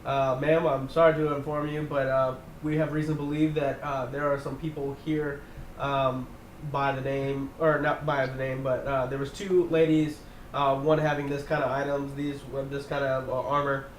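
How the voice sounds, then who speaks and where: A man's voice: medium pitch, little pitch movement, moderate pace, slight background noise, voice pushed down, lightly acted. A man voicing an awkward, dutiful male town constable who talks formally with hesitant fillers, recorded in an echoey room.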